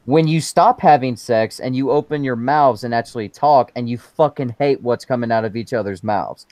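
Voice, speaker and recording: A man's voice: mid-range voice, moderate pace, darkish tone, no echo. A man guest in a casual online chat, ranting with lots of swearing. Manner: profane, ranting. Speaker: podcast guest.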